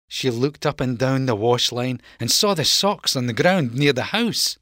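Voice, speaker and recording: A storyteller reading a children's storybook aloud in a slow, expressive way. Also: mid-range voice, no echo, studio quality.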